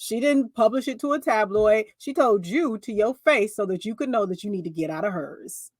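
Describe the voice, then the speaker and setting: A young woman giving sassy, casual commentary on a reality show, animated and laughing often. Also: medium pitch, normal speed, dry recording.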